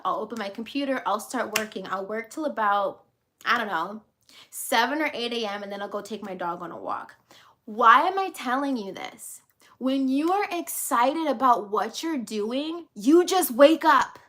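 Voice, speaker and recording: A high-pitched woman coach talks straight to her viewers in a motivational vlog. She hammers her points home by repeating them and keeps the tone casual, swearing now and then. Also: moderate pace, fairly bright tone. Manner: emphatic and repetitive, casual with swearing. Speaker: life and business coach.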